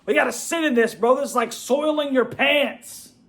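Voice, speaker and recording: Host, fired-up high-voiced fan rant, lots of "bro" and "man". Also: normal speed, a bit bright. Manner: fired-up venting, repeats himself, "bro" and "man". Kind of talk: ranting fan reaction vlog.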